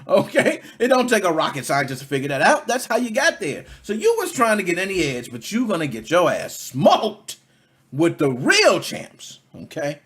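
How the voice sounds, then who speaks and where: Animated ranting male podcast host. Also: sits high, normal speed, slightly rough. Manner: animated, ranting, swears freely, swings from loud to muttering. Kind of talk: solo gaming podcast rant.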